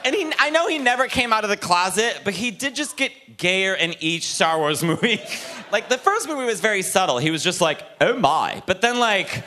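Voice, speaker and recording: A man doing a stand-up comedy set on a club stage, animated and campy with quick jokes. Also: high-pitched.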